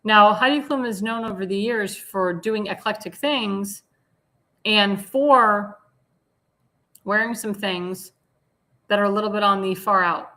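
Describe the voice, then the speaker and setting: A woman hosting a commentary show in a bright, forceful voice at an ordinary pitch. She talks bluntly and with indignant scorn. She rambles and sometimes trails off while searching for a word. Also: unhurried, long pauses. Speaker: talk show host. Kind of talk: opinionated commentary on slides.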